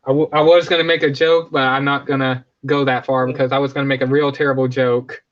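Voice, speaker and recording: A man's voice: medium pitch, flat delivery, fast, muffled recording. A man hosting a casual live stream, rambling, joking and correcting himself as he talks.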